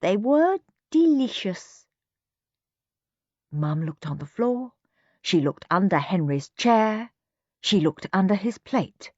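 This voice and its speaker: A woman reading a children's storybook aloud, expressive and playful. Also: lowish voice, a little slow, no room sound. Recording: muffled lo-fi recording.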